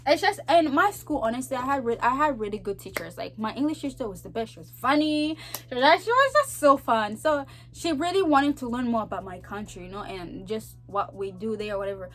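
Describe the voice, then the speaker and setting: A woman's voice: fairly high pitch, lively intonation, a little fast, fairly bright tone. A young woman from Zambia with a Zambian accent, talking casually and animatedly to her vlog audience, repeating herself and laughing often. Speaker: vlogger. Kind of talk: casual chat to camera.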